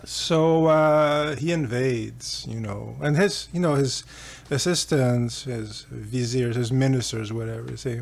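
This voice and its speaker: Man hosting a philosophy channel, rambling storyteller, unhurried, gravelly. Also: mid-range voice. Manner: rambling, with fillers and chuckles. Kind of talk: casual storytelling lecture.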